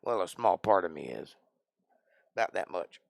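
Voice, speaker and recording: A man's voice: low-pitched, animated, normal speed, vocal fry, no echo. A man with a Georgia Southern accent hosting a casual livestream, reading chat comments aloud and answering with wry, joking banter. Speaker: livestream host and Bible teacher.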